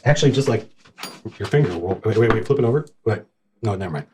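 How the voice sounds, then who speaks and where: A man narrating as game master, talking in a rambling, halting way with many restarts. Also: lowish voice, lively intonation, noisy background.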